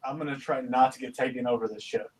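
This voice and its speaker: A man playing a tabletop game, reading out dice results and reacting in an animated way. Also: medium pitch, fast, slightly rough. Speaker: player. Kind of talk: casual tabletop game play.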